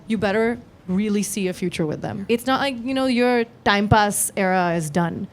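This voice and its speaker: A woman's voice: mid-range voice, moderate pace. A woman in her thirties, a guest on a stage comedy show, chatting casually and laughing at herself. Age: 30s. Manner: laughing, self-mocking. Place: stage before an audience.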